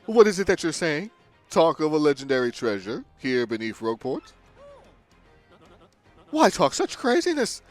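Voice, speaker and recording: A man's voice: on the high side, big pitch swings, normal speed, long pauses, soft background music. A man putting on a pompous millionaire sailor. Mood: haughty scoffing. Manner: theatrical, haughty, with wild swings in delivery. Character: pompous grandiose adult male millionaire sailor. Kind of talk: reading game dialogue aloud in character.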